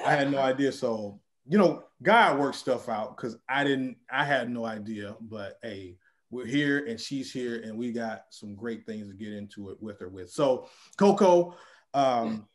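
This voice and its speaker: A man hosting a casual podcast interview, animated and chatty. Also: medium pitch, unhurried. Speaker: podcast host.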